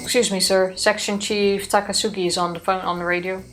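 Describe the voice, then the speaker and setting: A woman's voice: medium pitch, level tone, brisk, over music. A woman co-hosting a let's play, reading a visual novel aloud with dry, joking asides.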